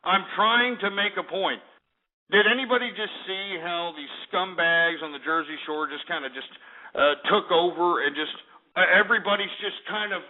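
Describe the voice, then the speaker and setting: A man's voice: high voice, moderate pace. Ranting man on a tinny line. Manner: angry, profane, ranting. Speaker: radio host. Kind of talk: ranting talk radio. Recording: tinny phone-line sound.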